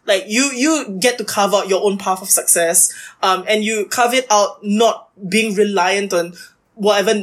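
A woman's voice: medium pitch, a little slow. A young woman, a guest chatting in an interview and packing her talk with "like" fillers. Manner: chatty and animated, many "like" fillers. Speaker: podcast guest, university debater. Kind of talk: casual interview chat.

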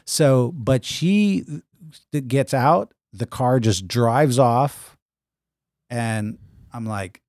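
Mellow-voiced man telling a rambling story. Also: mid-range voice, lively intonation, slow pace, no room sound, clean studio sound. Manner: rambling anecdote with quoted dialogue. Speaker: podcast co-host. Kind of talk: casual storytelling chat.

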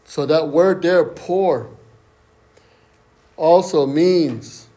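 A man's voice: fairly high pitch, extremely slow, warm tone, echoey room. A man preaching an interactive sermon, repeating key words for emphasis and asking his group questions. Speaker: preacher leading a Bible study.

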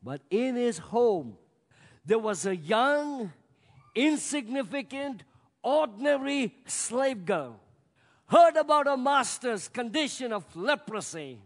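A man preaching a sermon, swinging between loud bursts and hushed, drawn-out words. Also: extremely high pitch, big pitch swings. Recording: long reverb of a large hall.

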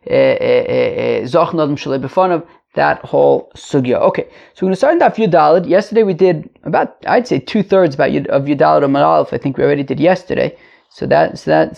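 A man teaches a casual daily Talmud class. He is rambling and chatty, with joking asides, and his voice is gravelly. The recording is a little dull and lo-fi. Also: fairly high pitch, darkish tone. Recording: lo-fi home mic.

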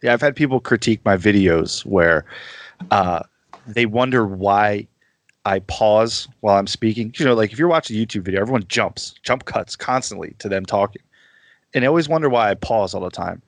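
An easygoing man talks as a podcast guest, his voice sitting a little low. He is chatty and laughs at himself often. The sound is dry and close, with no room around it. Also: a little fast, no echo. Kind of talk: casual podcast chat.

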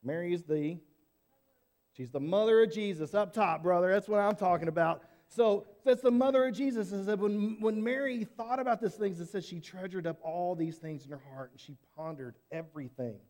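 A man telling a Bible story to children in church, casual and animated, often asking questions. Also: high voice, moderate pace.

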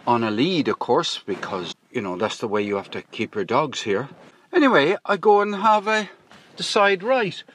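A man's voice: on the high side, expressive, moderate pace, fairly bright tone, slight background noise. A man telling a long, rambling story to camera in a casual vlog, often correcting himself and drifting into asides, speaking from a parked car. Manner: chatty, digressive, self-correcting. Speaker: vlogger.

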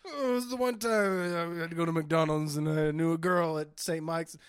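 A man's voice: fairly high pitch, steady tone, normal speed, clean tone, no echo, clean studio sound. A young man co-hosting a comedy podcast, joking crudely and laughing often in casual chat. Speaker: podcast co-host.

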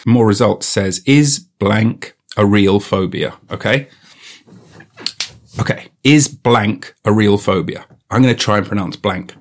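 A man's voice: on the low side, unhurried. A man hosting a comedy podcast into a studio mic, riffing playfully and repeating bits in silly voices. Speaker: podcast host. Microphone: studio microphone.

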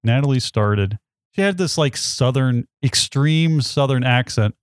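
A man's voice: mid-range voice, measured pace, no room sound, clean studio sound. A man in his forties hosting a casual podcast chat, teasing and evasive about a surprise. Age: 40s. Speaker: podcast host.

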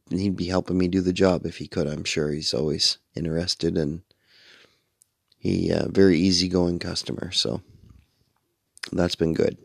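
A man's voice: low voice, gravelly, dry recording, studio quality. A middle-aged man hosting a late-night radio show, tired and sleepy, rambling casually and swearing freely. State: sleepy, yawning.

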